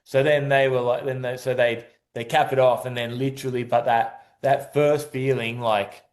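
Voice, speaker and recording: A man's voice: medium pitch, level tone, normal speed. A man telling a personal story in a casual interview, rambling with many restarts and acting out what people said. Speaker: guest, adaptive surfer.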